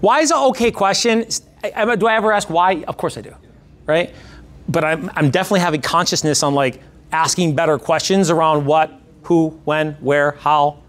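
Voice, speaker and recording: A male sales coach teaches a group in a training room. He is emphatic and energetic, and he repeats his points. His voice sits a bit high for a man. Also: moderate pace. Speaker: real estate sales coach.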